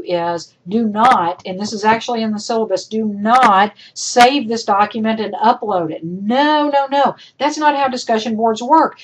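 Over a computer mic, a college instructor with a slightly high voice records feedback for her class during a screen demo, speaking directly and chattily and repeating each point to drive it home. Her voice is starting to go hoarse, and the recording quality is low.

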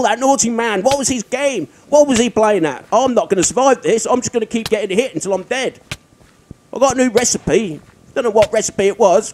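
High-voiced Englishman narrating his game. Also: a little hiss or hum. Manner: self-mocking, chuckling often, exasperated outbursts. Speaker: gaming video creator. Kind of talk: let's-play commentary. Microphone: desk microphone.

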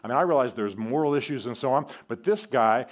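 A male preacher delivering a sermon in a church, his voice moving from loud, high bursts to hushed, low asides. He tells the story with lively, animated energy. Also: fast talker. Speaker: guest preacher. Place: church sanctuary.

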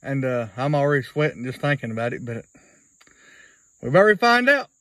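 A man's voice: mid-range voice, very animated, fairly quick, fairly bright tone, dry recording, rough recording. A man, rambling through a casual video blog in a folksy way and repeating himself. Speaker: vlogger.

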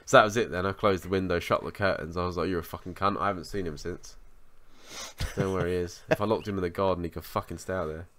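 A man's voice: deep voice, fairly even intonation, fast talker, fairly bright tone. Sweary man telling a story. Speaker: podcast co-host. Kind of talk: casual chat, storytelling.

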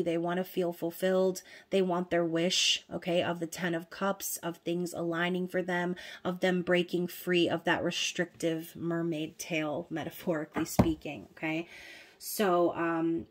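Low, flat-voiced woman reading tarot. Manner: chatty, peppered with "okay?" and fillers; blunt, swears casually. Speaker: tarot reader. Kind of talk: casual tarot reading monologue.

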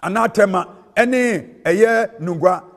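Ghanaian pastor guy preaching, high voice, singsongy, big echoey church hall. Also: slow pace. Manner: mixes in local-language phrases, sing-song preaching cadence. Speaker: prophet and preacher. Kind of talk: sermon. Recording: long hall reverb.

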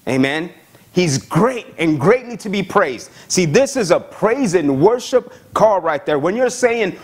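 A man's voice: on the high side, breathy edge. A man preaching a sermon as pastor, reading scripture and often asking the congregation "amen?" and "right?". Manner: animated preaching, frequent "amen?" and "right?" checks.

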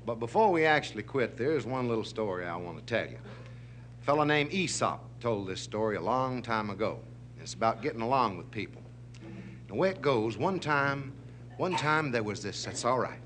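A man's voice: medium pitch, animated, moderate pace, fairly bright tone, slight background noise. A man, host of a TV special, telling a fable in a folksy, chuckling way. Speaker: storyteller, show host.

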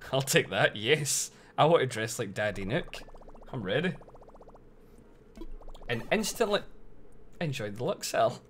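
Loud swearing Scottish man streaming. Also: mid-range voice, expressive, a little slow, pauses often, slight background noise. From Scotland. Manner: loud, swears a lot, playful mock outrage. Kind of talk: casual live-stream commentary.

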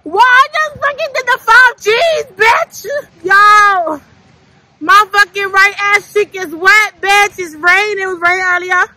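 A tipsy woman vlogging a night out, loud and profane, trash-talking and laughing on a city street into a handheld phone. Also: very high-pitched, a little slow, a little hiss or hum, low-quality recording. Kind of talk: rowdy night-out vlog banter.

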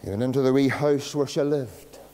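A man preaching a sermon in a church, using slow dramatic pauses and dropping to a hush on key words. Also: medium pitch. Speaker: pastor. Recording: long church reverb.

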